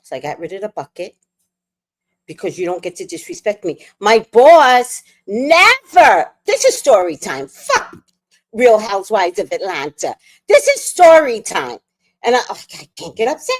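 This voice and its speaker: A woman telling a storytime rant on her livestream, animated, worked up and swearing freely. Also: mid-range voice, moderate pace. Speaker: livestream host.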